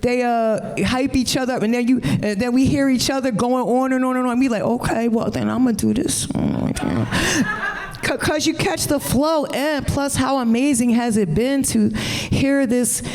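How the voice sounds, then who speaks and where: A woman's voice: high voice, unhurried, a little mellow, a little hiss or hum. A woman poet performing spoken-word verse at a live event, with a rhythmic, chant-like delivery that breaks into loose, profane banter. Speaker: poet and co-editor.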